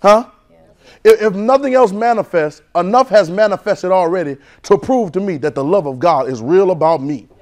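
A man preaching a sermon in call-and-response, swinging from loud urging to soft, hushed lines. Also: sits high, moderate pace. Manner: swings from loud exhortation to soft near-whispers.

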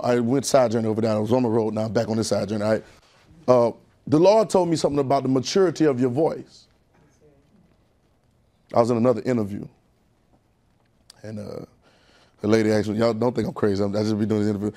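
A male preacher delivering a sermon, chatting with the congregation in folksy asides and building up in pitch and volume as he drives his points home. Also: a little fast, long pauses, warm tone.

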